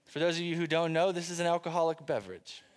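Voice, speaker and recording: A middle-aged male pastor delivers a sermon in a relaxed, storytelling manner, poking fun at himself. His voice sits somewhat high for a man. The room carries a long, ringing reverb like a big sanctuary. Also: quick pace. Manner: conversational storytelling, self-deprecating humor. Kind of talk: sermon with personal anecdote. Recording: long reverb of a large hall.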